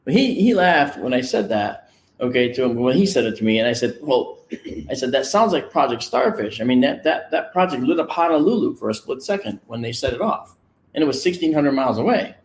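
A man casually telling a personal story in an animated way, acting out the voices of the people he quotes. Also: medium pitch, brisk, reverberant. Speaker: guest recounting a personal experience. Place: on location, indoors.

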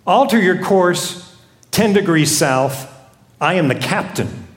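A preacher voicing an irritated ship captain. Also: male voice, high voice, expressive, slow. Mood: commanding. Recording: echoey room.

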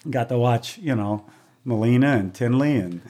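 An older man in his sixties spins stories from his years as a race announcer. He is lively and chatty, slips into other people's voices for the quotes, and laughs easily along the way. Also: mid-range voice, moderate pace. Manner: animated storyteller, acts out voices, laughs often. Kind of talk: casual storytelling interview. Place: moved from Hawaii, on the mic in Southern California for decades.

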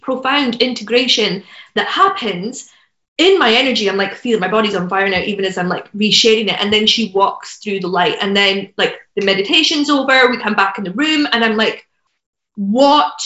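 This woman, a business mentor appearing as a podcast guest, earnestly shares a heartfelt personal story full of fillers. She speaks with a fairly high, slightly bright voice, and the recording sounds roomy, dull and lo-fi.

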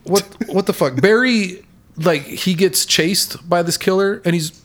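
A man's voice: sits high, measured pace, a bit bright. A man co-hosting a film podcast, chatting casually and sounding exasperated, cursing often. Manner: profane, exasperated. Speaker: podcast co-host. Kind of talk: casual chat.

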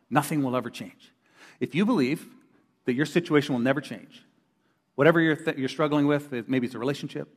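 A middle-aged man preaching a sermon to a congregation in a church hall, an animated storyteller who acts out the voices of the people he quotes. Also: mid-range voice. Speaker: pastor. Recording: long reverb of a large hall.

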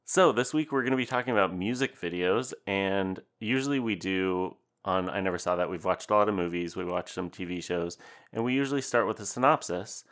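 A young man with a very deep, low-pitched voice co-hosts a casual podcast. He jokes around and rambles, often poking fun at himself as he talks. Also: a bit bright. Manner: joking, rambling, self-deprecating. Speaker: podcast co-host.

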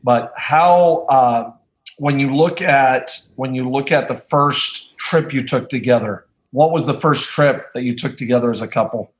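Man quiz host, unhurried, playful, laughs often. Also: medium pitch, roomy sound. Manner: playful, laughs a lot, drawn-out questions. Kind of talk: casual quiz game chat.

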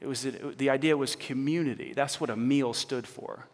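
A man preaching a sermon as pastor, animated and conversational with a teasing edge. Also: mid-range voice, normal speed. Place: church. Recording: reverberant church hall.

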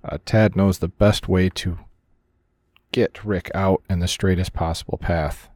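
A man's voice: low-pitched, steady tone, unhurried, a little mellow, dry recording, clean studio sound. A man playing in a tabletop game, who speaks hesitantly with restarts. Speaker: player. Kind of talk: casual tabletop play.

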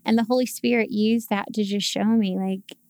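A woman's voice: medium pitch, steady tone, normal speed, a little mellow, dry recording, studio quality. A woman guest telling her faith story in a casual podcast chat, earnest and emotional.

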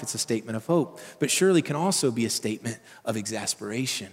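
A man's voice: medium pitch, lively intonation, quick pace, hardly any pauses, breathy edge. A male pastor preaching a sermon in a conversational way, full of rhetorical questions, in a church sanctuary. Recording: long church-hall reverb.

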